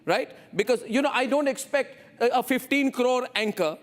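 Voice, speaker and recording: A man's voice: very high-pitched, normal speed. A male news anchor with an Indian English accent, moderating a heated televised debate, insistent and talking over his guests. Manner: insistent, talks over guests, repeats demands.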